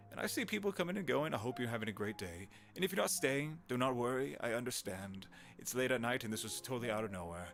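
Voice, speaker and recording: Chatty man with a lively voice. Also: mid-range voice. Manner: chatty and rambling, greets viewers warmly. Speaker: voice actor livestreaming to viewers. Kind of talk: casual live-stream chat.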